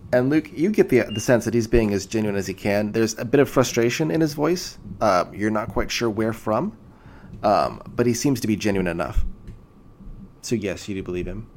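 Relaxed male game master, lowish voice. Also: slight background noise. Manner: relaxed, hesitant with fillers. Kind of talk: narrating a tabletop game.

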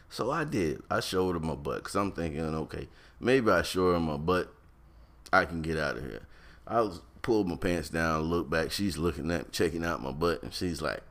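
A man telling a childhood story in a casual, animated, slangy way, acting out the other people with high put-on voices. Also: normal speed.

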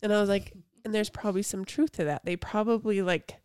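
A woman's voice: medium pitch, fairly even intonation, brisk, darkish tone, clear, resonant tone, dry recording, studio quality. A young adult woman co-hosting a casual podcast chat about motherhood, reading a passage aloud earnestly and a little out of breath. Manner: reads a passage aloud earnestly, then chats. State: slightly out of breath while reading. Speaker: podcast co-host.

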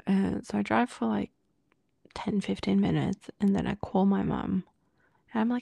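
A woman co-hosting a podcast, telling a personal story in casual talk, often sinking into a breathy near-whisper and acting out what others said. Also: mid-range voice, steady tone, normal speed, mellow, no room sound. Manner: quotes others in dialogue with many fillers. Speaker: podcast co-host.

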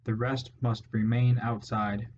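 A man's voice: medium pitch, little pitch movement, unhurried, darkish tone, close to an everyday voice. A resolute young male mouse warrior gives curt, firm orders, as a man reading a storybook voices him. His delivery stays level. The audio is dull and lo-fi, with a faint hiss.

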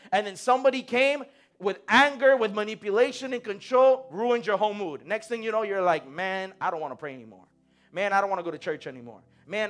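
A young man preaching in a relaxed, conversational way, full of slang and acted-out quotes. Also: sits high. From United States. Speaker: pastor. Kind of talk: sermon.

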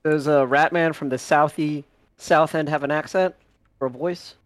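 A man's voice: a little high, fairly even intonation, no echo. Man in dry, close banter. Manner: laughing, quick teasing asides. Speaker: game player. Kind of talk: casual podcast banter.

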